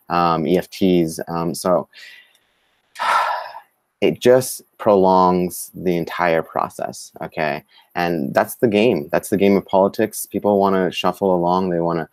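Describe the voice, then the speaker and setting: A man co-hosting a live-streamed talk show, speaking in a halting way with many fillers and restarts. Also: low-pitched, no room sound. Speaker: co-host. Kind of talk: live-streamed casual discussion.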